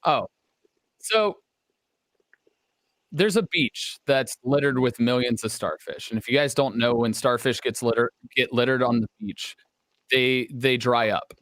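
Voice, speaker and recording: A man co-hosting a charity livestream, telling a story in a calm, earnest, steady way. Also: medium pitch, a little slow, pauses often, dry recording. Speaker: livestream co-host.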